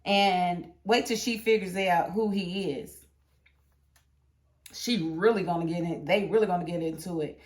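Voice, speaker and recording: Sassy animated woman reviewing TV. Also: lowish voice, unhurried. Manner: animated, sassy, talks back at characters. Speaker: TV episode reviewer. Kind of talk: casual chat.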